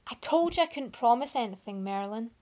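A woman voicing a proud, quick-tempered young man pleading urgently in a story reading. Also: medium pitch, completely flat delivery, gravelly, exaggerated voice.

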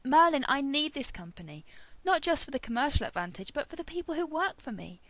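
A woman reading the lines of a confident, smug young man who teases and pleads in a storybook reading, with a dry sound and lively pitch. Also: normal speed, no echo.

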